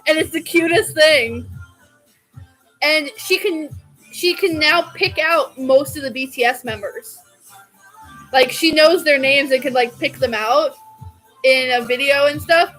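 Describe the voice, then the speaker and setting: A woman's voice: high voice, a little slow, long pauses, a bit bright, soft background music, low-quality recording. A young woman vlogging in a casual, chatty way, gushing and laughing often. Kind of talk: casual chat.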